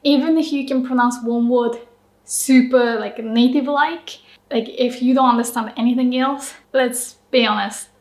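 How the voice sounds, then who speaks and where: A Japanese woman teaching pronunciation in a chatty, upbeat video lesson, slowing down to demonstrate words. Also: on the high side, steady tone, reverberant.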